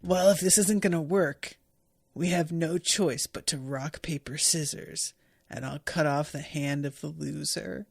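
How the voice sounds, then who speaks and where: A woman voicing a stern young male swordsman who speaks in a flat, matter-of-fact way. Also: low-pitched, unhurried, gravelly, slightly rough, no room sound, clean studio sound, voice pushed down, full character voice. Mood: deadpan.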